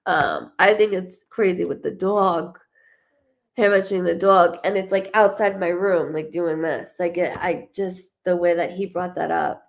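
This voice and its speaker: Chatty woman psychic with vocal fry. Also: on the low side, measured pace. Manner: animated, chatty, restarts often, acts out quoted voices. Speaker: psychic medium. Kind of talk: live psychic reading, relaying messages.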